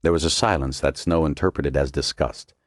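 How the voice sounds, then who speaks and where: A man reading a thriller audiobook in a measured, dramatic storytelling manner. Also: extremely low pitch, no room sound, studio quality. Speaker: audiobook narrator. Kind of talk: scripted narration.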